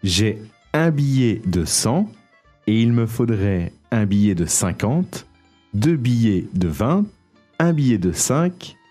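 Co-host, male; low mellow voice, animated, faint music under. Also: unhurried. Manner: short replies, chuckles. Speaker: co-host, native speaker teacher. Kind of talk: language lesson dialogue.

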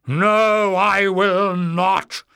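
A man's voice: sits high, fairly even intonation, drawn-out words, creaky, pushed and bright, clean tone, no echo, studio quality, pitched above the performer's own voice, exaggerated voice. A man voicing a spiteful male leader who sneers, hisses and shrieks in rage. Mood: furious. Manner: sneering, hissing.

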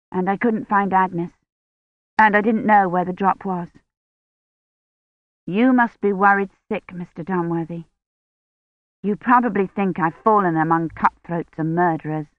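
A woman narrating a first-person audiobook, reading diary entries in an earnest, quietly worried way. Her voice sits at a middling pitch, close and dry. The recording sounds dull and lo-fi. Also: no echo.

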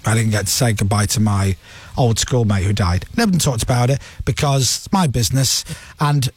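A man's voice: mid-range voice, moderate pace, no echo. A man hosting a radio talk show, giving his blunt opinions and mocking a politician. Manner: mocking, does voices of politicians. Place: radio studio.

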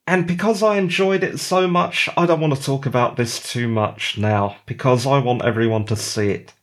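A man's voice: mid-range voice, normal speed. A man hosting a solo podcast, giving opinionated, conversational commentary with rhetorical questions. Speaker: podcast host.

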